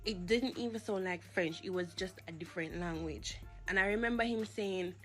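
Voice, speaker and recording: A Jamaican woman tells a personal faith testimony in a somewhat low voice. She speaks earnestly and haltingly, with pauses and restarts. Quiet music sits faintly behind her. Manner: earnest, halting, with fillers and repeats.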